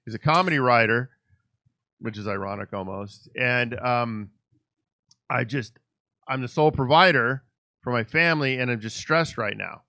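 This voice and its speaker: Male interview host, mid pitch, animated storyteller, dry close mic. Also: normal speed, pauses often, dry recording. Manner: animated storyteller who acts out quoted dialogue. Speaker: podcast host. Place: Los Angeles.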